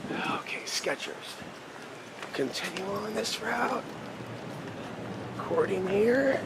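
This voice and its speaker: A man in his thirties filming a walking-tour vlog on a camera, talking to it in a rambling, casual way as he walks outdoors. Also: on the high side. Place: outdoors on city streets. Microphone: handheld camera mic. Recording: outdoor city noise. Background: street traffic noise.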